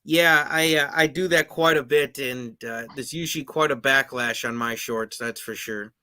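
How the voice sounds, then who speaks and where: Bright-voiced male podcast host. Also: medium pitch, normal speed, clean tone, no room sound. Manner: laughs easily, reads viewer comments aloud. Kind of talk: casual live-stream interview.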